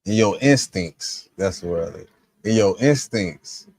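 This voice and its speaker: A man's voice: slow pace, no room sound. A man talking casually in a reaction stream, full of street slang, acting out what others might say. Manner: animated, acts out quotes with rising pitch, lots of slang. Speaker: commentator.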